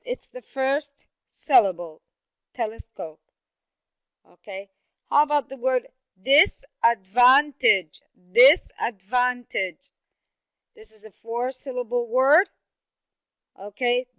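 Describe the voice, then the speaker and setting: A woman teaching an English pronunciation lesson, speaking slowly and repeating words with careful stress. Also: a little high, clean tone, dry recording.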